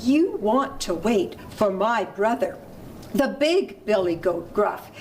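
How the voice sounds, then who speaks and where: A woman's voice: sing-song, slow pace, darkish tone, slight background noise. A woman storyteller voicing a nervous middle-sized billy goat who squeals his lines. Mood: coaxing. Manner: high, squealing.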